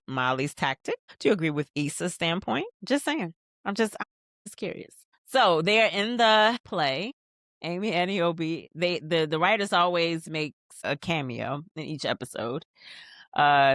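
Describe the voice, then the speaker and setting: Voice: mid-range voice, a bit bright, no room sound. Chatty rewatch podcast host, dry sound. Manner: chatty, talks straight to viewers; reads out scene lines between asides. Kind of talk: casual TV rewatch recap.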